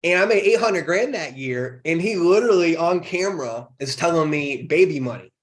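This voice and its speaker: Energetic motivational male guest. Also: on the high side, normal speed. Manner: energetic, motivational, rhetorical questions. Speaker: podcast guest. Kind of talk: motivational interview talk.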